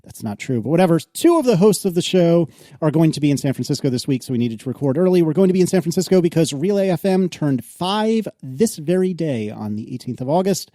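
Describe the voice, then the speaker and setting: A man co-hosting a podcast in casual chat, animated and quick to laugh, with exasperated protests. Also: a little high, no room sound, clean studio sound. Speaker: podcast co-host.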